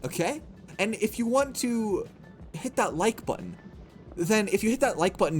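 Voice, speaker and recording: Streaming a game, a man with a fairly high, darkish voice talks to his chat in playful, self-mocking mini rants.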